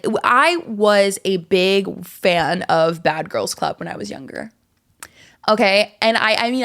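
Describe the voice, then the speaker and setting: A young woman hosting a casual podcast, chatty and rambling, with lots of fillers and giggles. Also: medium pitch. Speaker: podcast host. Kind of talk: casual chat.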